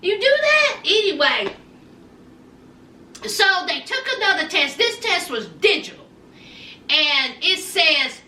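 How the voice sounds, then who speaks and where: Sassy, animated woman with a high, bright voice. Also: unhurried, long pauses. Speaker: recap vlogger. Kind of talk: casual TV recap chat. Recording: echoey room, mic at a distance.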